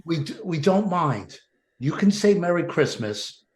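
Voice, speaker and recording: A man's voice: fairly high pitch, very animated, a little slow, a little mellow. Man telling ironic stories in an echoey room. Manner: storytelling, ironic asides. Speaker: comedy panelist. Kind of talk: casual anecdote telling. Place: home, on a video call.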